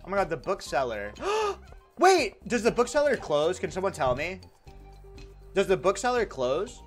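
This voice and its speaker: A man's voice: on the high side, a bit bright. A young man live-streaming a game, playfully sarcastic as he reads and answers chat comments.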